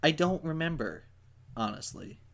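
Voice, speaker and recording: A man hosting a casual film podcast, talking in a relaxed, rambling way with plenty of ums. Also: a little high, normal speed, gravelly, slight background noise. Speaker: podcast host.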